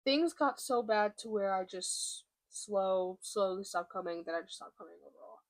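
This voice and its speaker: A young woman in a confessional vlog, speaking candidly and haltingly while holding back emotion. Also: mid-range voice. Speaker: vlogger. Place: room by a window, at home.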